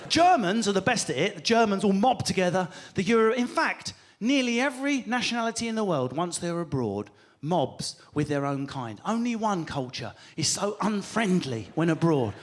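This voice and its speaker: A British man performing a stand-up comedy set, animated and swearing as he acts out characters. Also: high voice, a little fast, hardly any pauses, a little hiss or hum. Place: live comedy venue with audience.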